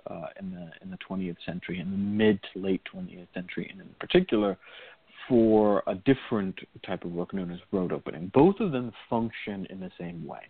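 A man co-hosting a call-in radio show, explaining things in a measured way with many fillers. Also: lowish voice, vocal fry, breathy edge, no room sound. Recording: tinny phone-line audio.

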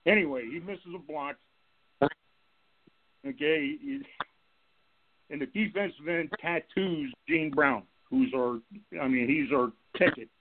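A man, a former football coach, calling in to a radio show and telling lively stories about his old players and staff. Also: fairly high pitch, measured pace, vocal fry, long pauses. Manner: animated storyteller, acts out quotes, laughs along. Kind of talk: telling anecdotes on a call-in show. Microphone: telephone. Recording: tinny phone line.

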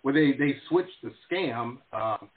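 A man hosting an interview show, chatting casually and reacting with quick agreement. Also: mid-range voice, expressive. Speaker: show host. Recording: tinny phone-line sound.

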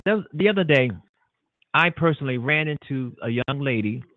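A man's voice: medium pitch, lively intonation, normal speed, dry recording. A breathless man hosts a casual internet radio show, circling back and hammering his points again and again. His voice comes through thin and phone-like, dry with no room around it. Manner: repetitive, emphatic, rambling. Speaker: host. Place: home studio. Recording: tinny phone-like line, dry.

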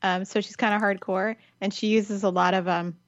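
A woman's voice: medium pitch, fairly even intonation, moderate pace, no echo. A woman co-hosting a podcast in casual chat, talkative, laughing often and gushing that things are fantastic. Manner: chatty, laughs often, repeats "it's fantastic". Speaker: podcast co-host. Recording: dull lo-fi sound, dry.

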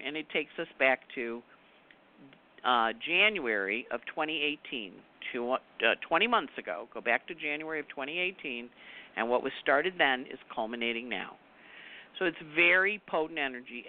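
A woman astrologer giving her weekly forecast in a chatty monologue, repeating words for emphasis and telling personal anecdotes. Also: low-pitched. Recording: tinny phone-like audio.

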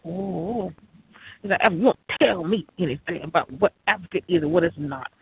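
Raspy high-voiced man on a tinny line. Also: normal speed, no room sound. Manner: profane, rambling, laughs often. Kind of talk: rambling monologue. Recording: tinny phone-like line, dry.

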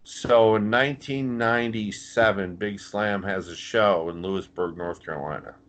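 A man's voice: lowish voice, moderate pace, fairly bright tone. A middle-aged man from Canada, a former wrestler, telling a story bluntly on a casual podcast, with plenty of swearing and quoted voices.

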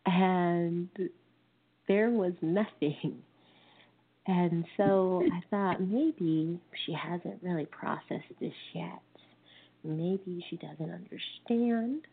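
A woman in her thirties gives a dharma talk as a lay minister, telling a family story with gentle, wry humor. She speaks slowly in a somewhat low voice. The recording is thin and phone-like. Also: vocal fry, husky. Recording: tinny phone-like sound.

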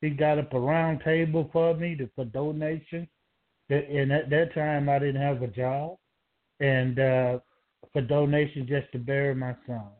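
A man from Georgia calling in to a talk show, speaking emotionally in a halting, rambling way with many restarts. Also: mid-range voice, steady tone. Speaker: caller. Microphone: telephone. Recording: tinny phone line.

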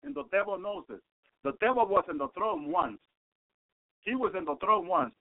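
Guy preaching on the radio, high voice, dry and tinny like a phone line, keeps repeating himself. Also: big pitch swings, moderate pace. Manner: repeats phrases, fervent exclamations of praise. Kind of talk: sermon.

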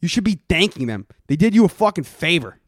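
A man's voice: high-pitched, big pitch swings, brisk, no echo, clean studio sound. A man hosting a comedy podcast in character, ranting aggressively and swearing constantly. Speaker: podcast host.

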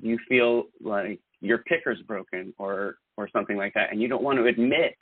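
A man's voice: lowish voice, moderate pace, slightly rough, dry recording. A man guest-hosting a casual talk show, speaking earnestly in a rambling way with many restarts. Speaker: guest host. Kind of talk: casual podcast chat. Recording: tinny phone-like line.

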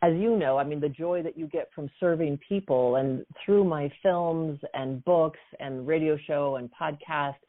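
A woman in her fifties, a guest coach and author, telling a personal story in a lively way with many "you know" fillers. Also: low voice, moderate pace, hardly any pauses. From United States. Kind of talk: storytelling in a conversation. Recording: phone-like narrow sound.

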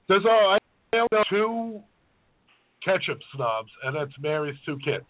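A man's voice: on the high side, big pitch swings, takes it slowly. Blunt, profane man on a tinny line. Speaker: chef and podcast host. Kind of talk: casual podcast chat. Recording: narrowband phone-like sound.

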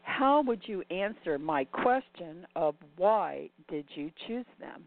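A woman's voice: on the low side, animated, slow, dry recording. An older woman telling a reflective story and posing rhetorical questions to the listener. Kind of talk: reflective spoken monologue. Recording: dry, tinny phone-like sound.

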